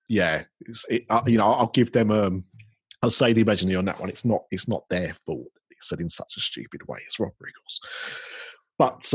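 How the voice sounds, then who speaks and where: Husky low-voiced British man chatting. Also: a little mellow, dry recording. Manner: chatty, rambling with many ums and restarts. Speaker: podcast host. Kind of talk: casual podcast chat.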